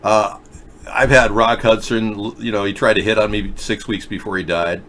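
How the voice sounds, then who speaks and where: A man's voice: lowish voice, fairly even intonation, moderate pace, fairly bright tone. A middle-aged man hosting a live video chat show, reading viewer comments and rambling through sarcastic jokes and asides.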